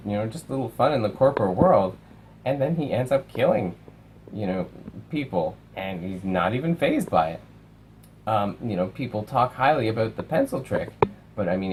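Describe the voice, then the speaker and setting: Animated young man reviewing films. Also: on the low side, slight background noise, poor audio. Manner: animated, swears, acts out quotes. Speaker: film reviewer. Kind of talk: casual spoken review.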